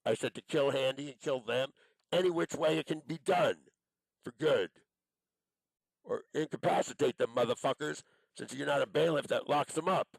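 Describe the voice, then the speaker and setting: A man's voice: on the high side, normal speed, creaky, dry recording, low-quality recording. A man delivering an angry, profane monologue, accusing and cursing as he rambles from one charge to the next.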